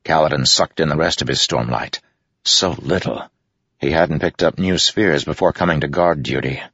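A man narrating a fantasy audiobook in a measured, dramatic reading. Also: very deep voice, a bit bright, dry recording, muffled recording. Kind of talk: scripted narration.

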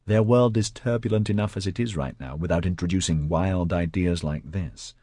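Male narrator reading a sensible, guarded mother of two; low, husky and close-miked. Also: moderate pace, warm tone, dry recording. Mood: wary. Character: woman, mother of two, wary and practical.

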